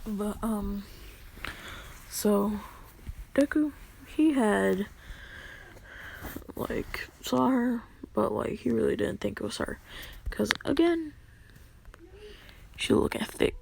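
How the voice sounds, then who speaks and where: A woman's voice: medium pitch, takes it slowly, gravelly, long pauses, darkish tone, a little hiss or hum. A young woman casually telling a made-up fan story, rambling with lots of fillers.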